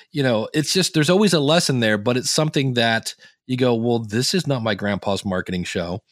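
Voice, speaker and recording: Animated middle-aged man, dry close sound. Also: mid-range voice, dry recording. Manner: animated storyteller, acts out quoted voices. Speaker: podcasting coach, guest. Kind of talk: casual interview chat.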